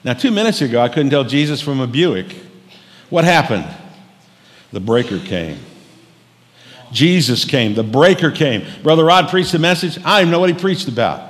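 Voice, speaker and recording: A man's voice: a little high, animated, brisk. A middle-aged man preaching a sermon as pastor, telling stories in a folksy, joking way. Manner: folksy storytelling with jokes. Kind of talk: humorous sermon. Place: church sanctuary. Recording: long reverb of a church hall.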